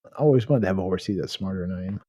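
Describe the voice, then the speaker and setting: A man's voice: sits low, very fast, dark tone, husky, dry recording. A middle-aged man playing a tabletop game, chatting casually and joking with the game master. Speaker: player. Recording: dull, muffled lo-fi mic.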